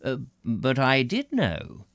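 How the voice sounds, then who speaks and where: A pompous middle-aged spirit medium, played by a man reading aloud. He stumbles over his words before drawing them out slowly with grand self-importance. The voice is raised a little and recorded close and dry. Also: medium pitch, wildly swooping pitch, fairly bright tone, dry recording, voice pushed up, exaggerated voice. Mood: grandiose. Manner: hesitant, stammering, grandly drawn-out.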